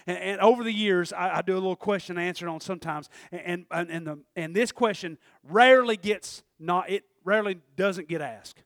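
A man's voice: high voice, a little fast, hardly any pauses, a bit bright, dry recording, clean studio sound. A man preaching a sermon in a loose, conversational way, laughing often and acting out quoted voices.

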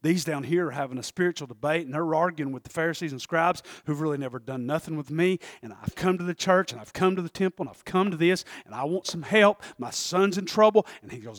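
A male pastor preaching a sermon, moving from quiet scripture reading to shouted, fervent passages. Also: expressive, brisk, few pauses, dry recording, clean studio sound. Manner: swings from low reading to shouting fervor.

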